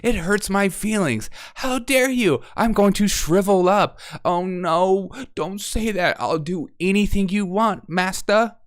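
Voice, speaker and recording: A man doing a timid, guilt-ridden liberal who whines and pleads, his voice pushed well above its natural pitch. The sound is dry and close, with no room around it. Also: unhurried, hardly any pauses, no echo. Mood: whiny pleading. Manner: whiny, pleading.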